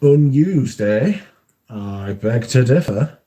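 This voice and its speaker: A British man hosting a relaxed livestream, chatting away as he answers viewer comments. His voice is mellow and warm, his pitch sits in an ordinary middle range, and he swears freely with plenty of fillers. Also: slow, breathy edge. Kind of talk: casual chat.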